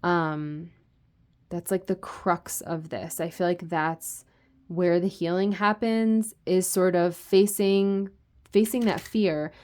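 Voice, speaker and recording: Woman host reading tarot cards for viewers, gentle and soft-spoken, talks in loose, rambling sentences full of fillers. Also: on the low side, steady tone, takes it slowly. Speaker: tarot reader.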